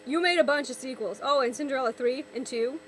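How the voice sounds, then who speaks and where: A woman's voice: sits high, fast talker, slight background noise, low-quality recording. A young woman vlogger ranting sarcastically, exasperated, often repeating and restarting her words. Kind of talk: ranting vlog commentary.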